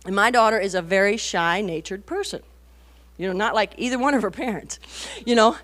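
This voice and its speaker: Animated woman in her forties preaching. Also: mid-range voice, fairly quick. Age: 40s. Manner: animated storytelling, rising to emphatic bursts; frequent rhetorical asides. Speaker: women's conference speaker. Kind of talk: conversational sermon to mothers and teens.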